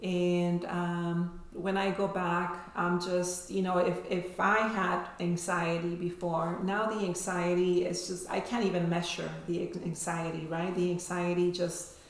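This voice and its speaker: A woman's voice: on the low side, level tone, measured pace, few pauses. A woman telling her personal story as an interview guest, emotional and often ending sentences with "right?". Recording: echoey room.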